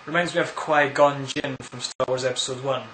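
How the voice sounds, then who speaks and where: A man's voice: medium pitch, steady tone, normal speed, fairly bright tone, slight background noise. Rambling jokey man, echoey room. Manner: jokey, rambling, crude absurd humour. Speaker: vlogger answering viewer questions. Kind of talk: casual rambling Q&A vlog.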